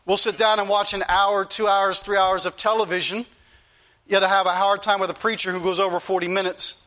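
A man's voice: sits high, level tone, a little fast, pushed and bright. A male pastor preaching an earnest, repetitive sermon that rises into pleading questions to his congregation.

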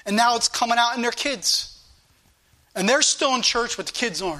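A man's voice: very high voice, lively intonation, moderate pace, pushed and bright. A middle-aged man preaching a fervent sermon in a church, his delivery rising and falling with passion.

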